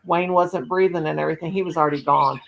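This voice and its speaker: A woman with a lowish voice and a gravelly, creaky edge talks through a long personal anecdote. She rambles in a folksy, chatty way and keeps circling back to her point. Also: fairly even intonation, fast, highs cut off, a little hiss or hum. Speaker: crochet channel host. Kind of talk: casual storytelling chat.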